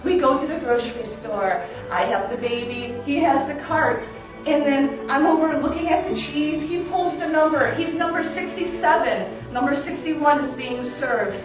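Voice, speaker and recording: A young woman telling an improvised comic story on a small stage, lively and getting excited as she acts out her own lines. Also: high voice, normal speed, over music. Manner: animated, builds to excited yelling when quoting herself. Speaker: storyteller performer. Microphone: far room recording from the audience. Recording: echoey theater recorded from far off.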